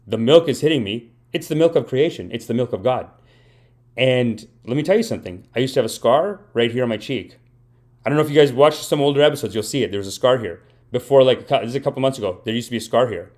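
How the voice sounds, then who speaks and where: Streaming from home, this live comedy podcast host tells rambling stories with mock earnestness and compliments himself along the way. His mid-range voice is expressive and brisk, with a darkish tone.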